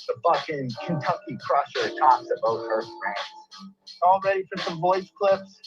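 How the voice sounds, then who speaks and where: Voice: medium pitch, lively intonation, a little slow, lo-fi sound. Streamer ranting hard and cursing nonstop, winded, faint music under it. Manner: angry, profane, repetitive ranting. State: out of breath. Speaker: livestreamer. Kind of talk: livestream rant.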